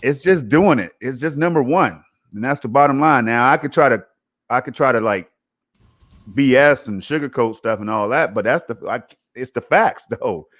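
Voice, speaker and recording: A man's voice: mid-range voice, normal speed, fairly bright tone. A man co-hosting a casual gaming podcast, talking emphatically in a conversational way and often tossing in "man" and "you know". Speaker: podcast co-host.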